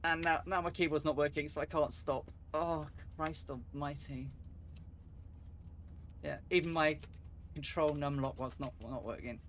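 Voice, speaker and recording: A man's voice: on the high side, fairly even intonation, measured pace, fairly bright tone, a little hiss or hum. A man streaming a flight simulator, chatting ruefully to viewers and laughing at his own mishaps. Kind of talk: live game stream commentary.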